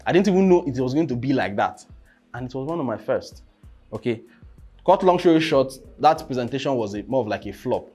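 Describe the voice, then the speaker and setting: Faint music sits behind a young presentation coach whose medium-pitched voice is brisk and lively. His casual lesson is peppered with "you understand?" and abrupt loud bursts.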